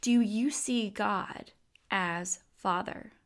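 A woman's voice: mid-range voice, drawn-out words. A woman in her thirties hosting a faith podcast, talking candidly and casually into a microphone with plenty of fillers. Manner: warm, candid storytelling with fillers. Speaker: podcast host. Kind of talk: faith-based podcast talk.

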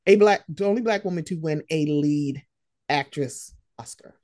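Young woman, podcast host, casual gossip, slangy and animated, lowish voice, dry close sound. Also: moderate pace, dry recording. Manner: animated, swears freely, slangy. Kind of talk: casual pop-culture chat.

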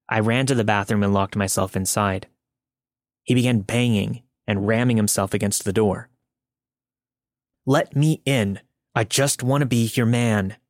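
A man narrating a listener's true story in a steady, scripted podcast reading. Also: on the low side, dry recording, studio quality.

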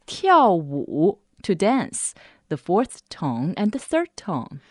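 Slow, lively-voiced woman teaching phrases. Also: mid-range voice, dry recording, clean studio sound. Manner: slow, careful enunciation of model phrases. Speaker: language teacher and host. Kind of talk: scripted radio lesson.

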